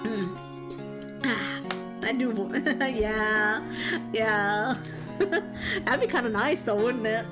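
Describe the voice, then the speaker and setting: A woman's voice: fairly high pitch, expressive, extremely slow, pauses often, music in the background. A young woman streamer chatting casually and bubbly with her viewers, giggling often. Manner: bubbly and giggly, greeting chat. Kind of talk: casual live-stream chat.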